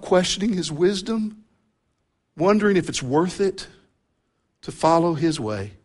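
A man preaching a sermon to a church congregation, his voice sitting a little higher than most men's. He speaks earnestly, stretching out key words with slow, deliberate emphasis. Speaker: pastor. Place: church service with congregation present.

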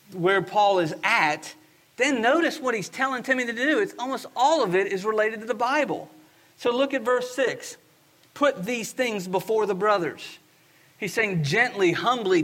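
A man preaching a sermon with a high, bright, ringing voice. He speaks in an earnest, emphatic way and often slows down to stress a point. He sounds like a pastor addressing his congregation.

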